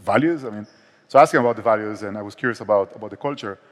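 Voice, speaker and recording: Speaking rapid-fire in a voice on the low side, a startup co-founder and CEO with an Israeli accent is a guest on a large hall's conference stage. The recording carries long hall reverb. His manner is candid and self-deprecating, with many restarts.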